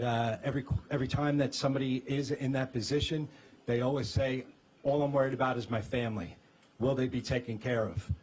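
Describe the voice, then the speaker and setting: A man's voice: mid-range voice, darkish tone, a little hiss or hum. A man with a Brooklyn accent, a firefighters' union president, giving a press conference speech with many fillers and restarts.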